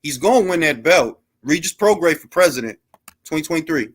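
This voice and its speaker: Guy hosting a boxing talk stream, high voice, joking around slangy and loose. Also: lively intonation, brisk, a bit bright. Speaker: boxing talk show host. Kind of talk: casual live-stream chat.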